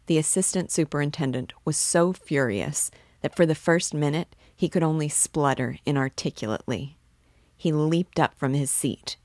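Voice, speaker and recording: A woman host reading a classic novel aloud in a measured, steady way. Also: low voice, dry recording, clean studio sound.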